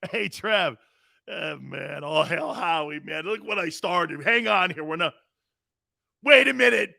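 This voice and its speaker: A middle-aged man hosting a sports talk show, reading viewer comments and hollering back at them with loud, teasing laughter. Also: sits high, animated, normal speed, gravelly, no echo, clean studio sound.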